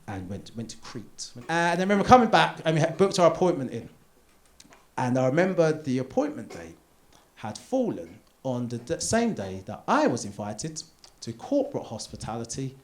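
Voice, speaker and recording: A British stand-up comedian in his thirties, chatty and confessional as he tells a personal story to a theatre crowd. His voice sits at an ordinary middle pitch. He drops low and quiet for the set-ups, then gets loud for the punchlines. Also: big pitch swings, normal speed. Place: theatre stage.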